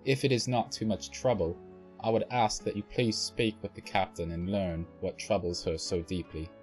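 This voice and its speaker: A man's voice: on the low side, fairly even intonation, moderate pace, darkish tone, faint music behind, natural voice. A man putting on a made-up accent to read a polite soldier's request aloud. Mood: earnest. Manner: formal, stiff reading in a made-up accent. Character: courteous male curse breaker soldier.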